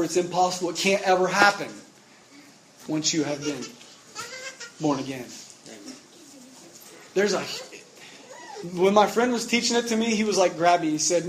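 A man preaching a sermon, emphatic, getting louder on repeated words. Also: sits high, moderate pace, pauses often, a little hiss or hum, low-quality recording.

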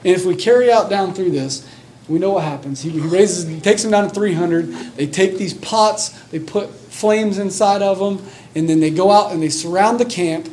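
A man preaching a sermon, telling a Bible story with lively excitement and reading scripture aloud. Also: high-pitched, normal speed, slight background noise. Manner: animated storytelling, reads scripture aloud, acts out scenes with excitement.

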